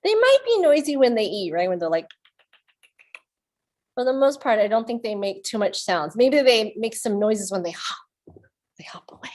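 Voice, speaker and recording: A woman's voice: a little high, sing-song, moderate pace, a little mellow. A woman leading a children's storytime, reading aloud and playfully making animal sounds with the kids. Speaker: children's librarian.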